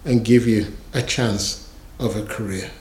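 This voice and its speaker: A man voicing a calm male recruiter who makes a steady, persuasive offer. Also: on the low side, measured pace, voice pushed down, close to an everyday voice. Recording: echoey room.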